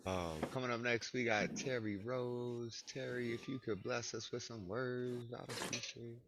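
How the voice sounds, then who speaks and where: An open mic host on a video call, introducing poets and helping guests with their camera in a relaxed, friendly way. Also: medium pitch, slow, long pauses, background noise. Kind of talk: casual hosting.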